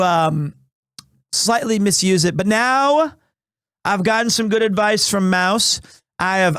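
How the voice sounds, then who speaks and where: A man in his thirties streaming live, chatting casually in a rambling, animated way with restarts, recovering from asthma and clearing his throat. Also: high-pitched, dry recording, studio quality. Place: small home room.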